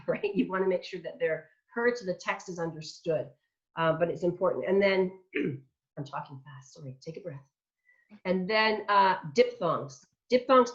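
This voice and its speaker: A middle-aged woman coaches singers in an online masterclass, her voice sitting a little low. She talks through each point in a chatty way and sounds out example words to show them. The sound is muffled and lo-fi. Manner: demonstrates by speaking and singing example words; chatty, warm teaching asides. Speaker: vocal coach. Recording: dull lo-fi online audio.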